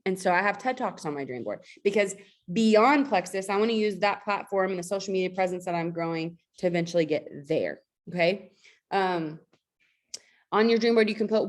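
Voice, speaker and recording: A woman who leads a network marketing team, giving a casual motivational talk on a video call in a chatty, emphatic way, full of fillers. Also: on the low side.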